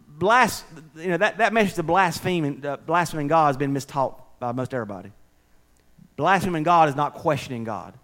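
A man preaching a sermon, folksy and conversational, swinging between loud preaching and soft, near-whispered asides. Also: fairly high pitch. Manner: folksy, conversational, with slips and restarts. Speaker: pastor.

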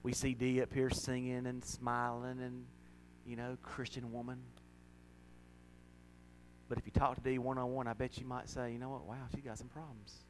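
A man's voice: medium pitch, rough recording. Middle-aged man preaching, folksy and emotional with bursts of laughter, faint hum under the voice. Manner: folksy, emotional, with laughs and sudden loud rises. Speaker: pastor. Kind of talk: sermon.

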